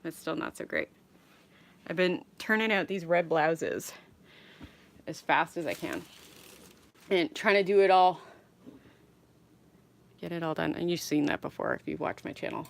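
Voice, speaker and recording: A woman's voice: sits low, slow pace, vocal fry, long pauses. Chatty, self-deprecating woman in her thirties. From Canada. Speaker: vlogger. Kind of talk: casual live vlog chat. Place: home, moving between rooms.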